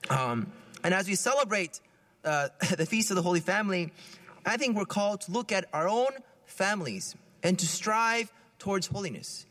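A male priest giving a homily in a relaxed, conversational way and often laughing. His voice sits high and moves a lot, with a bright, forceful tone. Long reverb fills the church around him. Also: normal speed.

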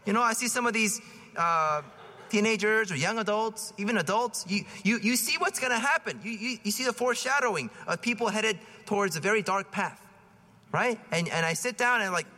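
A man's voice: sits high, fairly quick, pushed and bright, big-room sound. A man preaching a homily in a casual, joking way, often acting out voices. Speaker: priest.

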